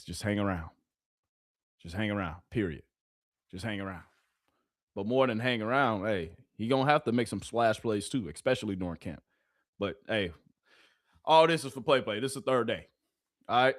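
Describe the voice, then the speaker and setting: Sitting on the low side, this man's voice has no room sound and a dry, close quality. As a live-stream host he's chatty and animated, often repeating phrases and addressing chat during casual commentary.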